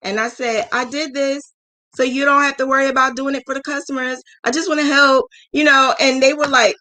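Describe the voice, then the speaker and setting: Animated, frank woman mentor. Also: moderate pace. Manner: animated storytelling, acting out quoted voices with big pitch jumps; frank, emotional, scolding yet affectionate. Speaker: business mentor and crochet channel host. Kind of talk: live-stream mentoring talk.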